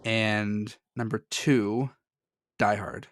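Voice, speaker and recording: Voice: medium pitch, steady tone, extremely slow. A podcast co-host in casual chat, rambling and cutting in on himself, laughing often.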